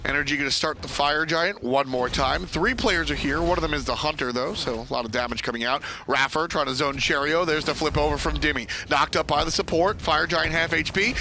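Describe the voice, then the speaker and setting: A man giving live play-by-play on an esports match, energetic and teasing his co-caster. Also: a little high, fairly quick, hardly any pauses, slight background noise. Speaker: esports commentator.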